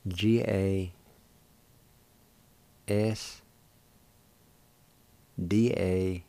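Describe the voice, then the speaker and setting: A man with a Cherokee accent hosting a radio language lesson, slowly spelling words out letter by letter and pronouncing each syllable. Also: lowish voice, dark tone, no echo. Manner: slow, deliberate, spelling letter by letter. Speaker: radio language program host. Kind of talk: slow spelled-out pronunciation lesson.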